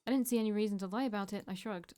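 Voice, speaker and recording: A woman's voice: medium pitch, racing, dark tone, clean tone. A woman reading a visual novel aloud as a let's play, breaking off to chat and joke about the old slang. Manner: reads lines then chats and jokes about the slang.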